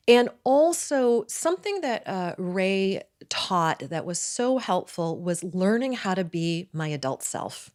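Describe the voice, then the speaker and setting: A woman in her forties, a midwife and acupuncturist, excitedly telling her own story as a guest in a conversation. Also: medium pitch, takes it slowly, few pauses. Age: 40s. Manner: excitable and talkative.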